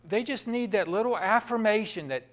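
With a high-pitched voice and a moderate pace, a man preaches to his congregation. His delivery is lively and conversational, sprinkled with asides to the listeners.

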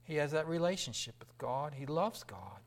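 A middle-aged man, preaching a sermon, swinging from raised, fervent lines to hushed whispers. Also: on the high side, lively intonation, normal speed.

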